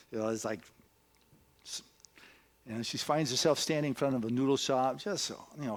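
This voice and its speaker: An earnest male minister delivers a sermon in a conversational tone. His voice sits at an ordinary middle pitch, and he slips into storytelling with easy fillers. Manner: earnest, conversational, many "you know" fillers.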